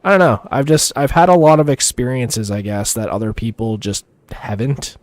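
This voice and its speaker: A man talking loosely through a live gaming stream. His pitch sits at an ordinary middle level. He rambles and piles on fillers as he chats with viewers, chuckling easily between thoughts. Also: fairly even intonation, normal speed. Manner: chats with viewers while playing. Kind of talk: casual gameplay commentary.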